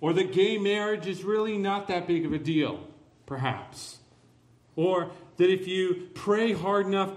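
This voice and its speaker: A man preaching a sermon, emphatic and building to forceful declarations, with dry sarcastic asides. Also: on the high side, echoey room. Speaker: pastor.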